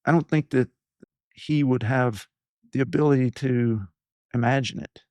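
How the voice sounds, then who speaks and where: A man's voice: mid-range voice, measured pace, darkish tone, dry recording. 50s guy from east tennessee telling his story, lots of likes and you knows, dead dry mic. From East Tennessee, USA. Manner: reflective, rambling, many fillers and restarts. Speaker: leadership podcast host as guest. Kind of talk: personal storytelling interview.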